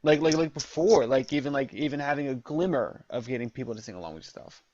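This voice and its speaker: A man's voice: medium pitch, fast talker, darkish tone, highs cut off. A man hosting a podcast interview in loose casual chat, heavy on fillers and swearing. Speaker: podcast host.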